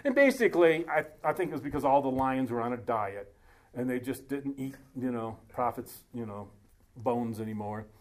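A man preaching a casual sermon, reading scripture aloud slowly and breaking off into joking asides. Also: mid-range voice, animated.

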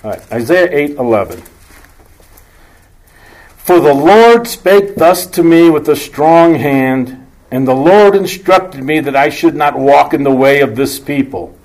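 A male preacher teaching from the Bible, reading scripture slowly and emphatically and then dropping into quieter conversational asides with dry humor and rhetorical questions. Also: on the high side, expressive, rough recording.

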